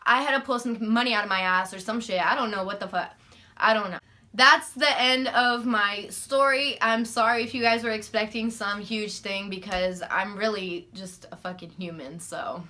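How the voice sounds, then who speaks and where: A young woman vlogger telling a story in a casual, animated, profane and sarcastic way. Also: medium pitch, normal speed.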